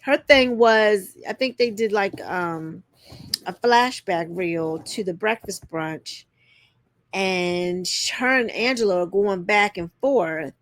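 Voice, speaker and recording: Taking it slowly, a woman delivers a casual recap of reality TV, sassy and talking straight to the people watching. Quotes get acted out in a put-on voice with jumps in pitch. The studio-quality recording is dry.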